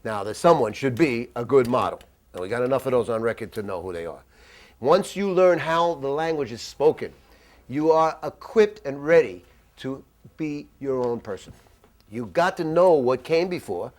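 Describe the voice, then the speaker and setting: A man teaching a jazz masterclass in a conversational, animated way, tossing in acted asides, in a dry room. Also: medium pitch, normal speed. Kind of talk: masterclass lecture. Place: dry room with little reverb.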